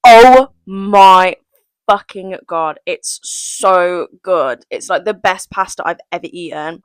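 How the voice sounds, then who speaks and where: A woman's voice: lowish voice, dry recording, rough recording. A young woman, chatting in a casual, self-deprecating way for a get-to-know-me vlog and often giggling. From England, West Midlands. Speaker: vlogger.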